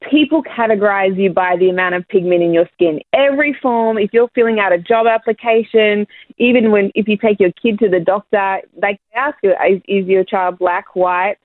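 An Australian woman talking as an interview guest in a frank, lively way with many fillers. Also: mid-range voice, brisk, no room sound. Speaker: guest, music artist. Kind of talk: casual interview chat. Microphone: phone line. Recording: tinny phone line.

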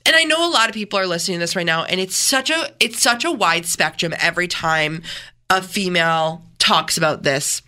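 A woman co-hosting a morning radio show, talking in an animated, emphatic, earnest way. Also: lowish voice, a little fast. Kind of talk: casual radio chat. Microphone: studio microphone.

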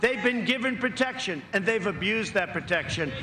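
A man's voice: sits high, animated, moderate pace. A man giving a campaign rally speech, emphatic and repetitive, with rambling asides. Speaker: political candidate. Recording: echoey rally recording.

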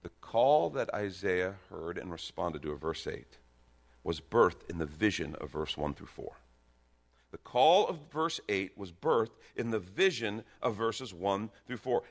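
Guy preaching a sermon, lowish voice, gets loud and animated on the big points. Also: a little slow. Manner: animated preaching with bursts of emphasis and asides. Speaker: pastor. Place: church sanctuary.

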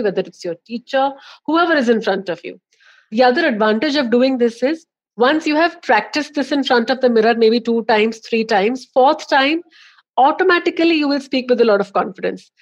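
An Indian-accented woman speaks as a guest coach on a podcast, her voice sitting a touch high. She lays out advice in an instructive, emphatic way, stressing key words and walking through examples. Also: muffled recording.

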